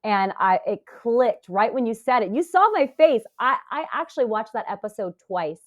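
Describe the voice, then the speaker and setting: A woman in her forties, a podcast guest, talking casually and telling stories with lively acted-out quotes. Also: fairly high pitch, moderate pace. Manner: animated storytelling, acts out quoted voices. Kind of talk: casual interview talk.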